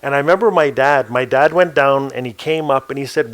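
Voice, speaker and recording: A man telling a story aloud on a panel before a live audience. His voice sits in an ordinary middle range and grows animated as he slips into the people he describes. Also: mid-range voice, a little fast.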